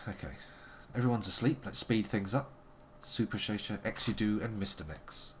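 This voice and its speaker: A man's voice: on the low side, moderate pace, a bit bright, a little hiss or hum. A man giving playful, wordy live commentary on a game he is playing, making theatrical asides to his chat. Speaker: live-streaming game player.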